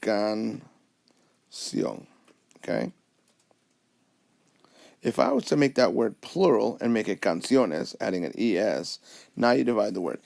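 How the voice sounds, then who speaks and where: A man's voice: on the low side, big pitch swings, moderate pace, gravelly, pauses often, a little mellow. A man teaching a recorded whiteboard lesson, explaining patiently step by step and often checking in with "okay?". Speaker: Spanish teacher. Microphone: tablet recording.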